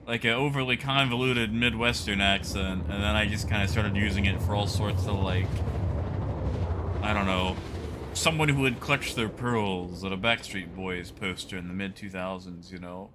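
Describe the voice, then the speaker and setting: A man's voice: lowish voice, noisy background. A man live-streaming a space game, chatting casually and animatedly, laughing and greeting viewers as he plays. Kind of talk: casual live-stream commentary while gaming.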